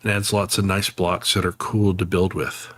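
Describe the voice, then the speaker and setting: A man's voice: sits low, little pitch movement, moderate pace, a bit bright, no echo. A man chatting casually on a live game stream, thanking viewers and laughing easily.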